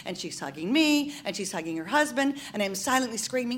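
A woman telling a comic story live, in an animated style, often laughing through her lines. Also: high voice, a little fast, hardly any pauses, a little hiss or hum.

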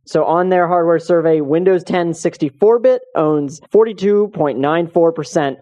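Male co-host, mellow slightly high voice, dry and matter-of-fact. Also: normal speed, dull audio. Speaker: podcast co-host. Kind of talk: casual tech podcast chat.

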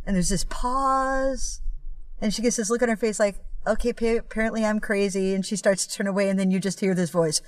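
Woman podcast co-host, mid pitch, giggly and profane, dry close mic. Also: fairly quick, no room sound. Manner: giggly, profane, animated storyteller. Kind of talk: casual chat.

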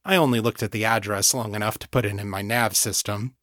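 A man's voice: on the low side, fairly even intonation, brisk, fairly bright tone, dry recording, close to an everyday voice. Brief: man doing a cocky, drawling incubus, mocking tone, dry close read. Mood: smug. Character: smug male incubus, cocky and teasing.

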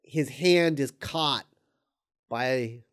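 A man recounts a screenplay in a loose, casual way. He stumbles through ums and restarts at a middling pitch. He sounds amused by the material as he goes. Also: extremely slow, fairly bright tone, clear, resonant tone. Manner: rambling, hesitant, full of ums and restarts; amused, chuckles while recounting.

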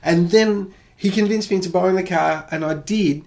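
A man's voice: high voice, moderate pace, gravelly, darkish tone. A middle-aged man with a Spanish accent, chatting casually on a podcast, dry and teasing, laughing often. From Spain. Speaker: podcast co-host. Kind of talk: casual chat.

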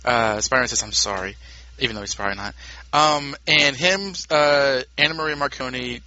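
A man casually recapping a comic book on a podcast in a quick, dismissive way. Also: medium pitch, bright, forceful tone, no echo, lo-fi sound. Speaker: podcast co-host.

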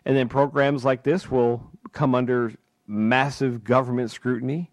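A man's voice: medium pitch, little pitch movement, measured pace, no room sound. A man hosting a talk radio show, delivering an impassioned political monologue full of rhetorical questions from a studio microphone.

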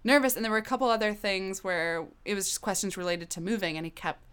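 A woman in her thirties telling a candid personal story as a guest, animated and swearing casually. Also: mid-range voice, quick pace, clear, resonant tone.

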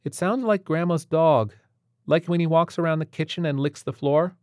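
A man's voice: on the high side, normal speed, a little mellow, dry recording, clean studio sound, voice pushed up, close to an everyday voice. A man doing a small worried boy. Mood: uneasy.

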